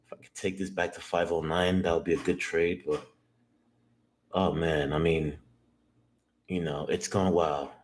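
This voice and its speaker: A man's voice: sits low, fairly even intonation, a little slow, pauses often. A man streaming his day trading, talking to himself, swearing and second-guessing every move. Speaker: day trader streaming live. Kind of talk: live trading stream, thinking aloud. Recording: roomy echo, faint background noise.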